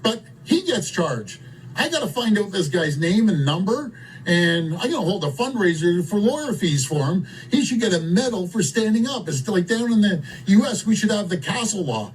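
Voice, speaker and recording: A man's voice: high voice, very animated, normal speed, husky. A man giving a blunt, fired-up off-script speech as a politician. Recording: distant clip with faint background noise.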